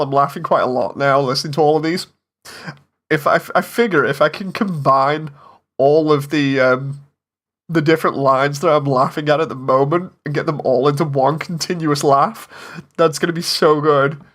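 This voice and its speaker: A man's voice: a little high, moderate pace, fairly bright tone. A man in casual commentary, chatting about voice takes as an animator and laughing often. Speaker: animator and streamer.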